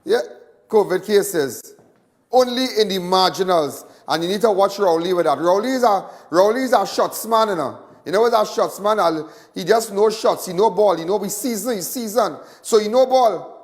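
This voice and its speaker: A man's voice: high-pitched, expressive, moderate pace. A man with a Trinidadian accent hosting a live crime talk show, rambling, boastful and joking.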